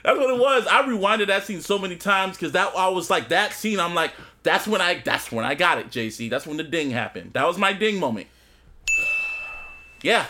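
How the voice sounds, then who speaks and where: Brief: male podcast co-host, high and expressive, acts out scenes. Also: normal speed, a little hiss or hum. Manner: animated, acts out scenes in voices, laughs often. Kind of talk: casual chat recapping a TV episode.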